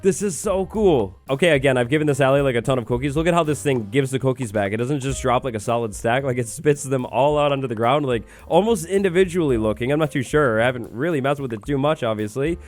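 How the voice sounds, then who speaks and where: An excitable, upbeat man hosting a gaming video, giving gameplay commentary and chatting to the creature on screen. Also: medium pitch, fast, hardly any pauses, soft background music.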